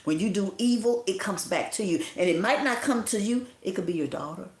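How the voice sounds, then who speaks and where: A woman's voice: mid-range voice, brisk. A grieving woman delivers a passionate, preaching livestream monologue. Her voice carries a noticeable echo from the room around her. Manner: impassioned, preaching and scolding. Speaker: livestream host. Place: indoor room at home.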